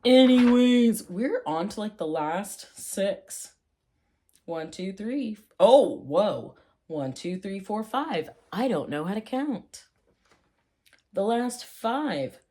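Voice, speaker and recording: A woman vlogging casually about slang, playful and rambling, with jokey asides and quick tangents. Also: mid-range voice, big pitch swings, dark tone, husky. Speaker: vlogger explaining old slang. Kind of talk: casual chat.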